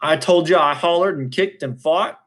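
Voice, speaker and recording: A man reading aloud, voicing a poor young woman on the witness stand, defensive and shrill. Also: moderate pace, fairly bright tone, lightly acted. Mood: flustered.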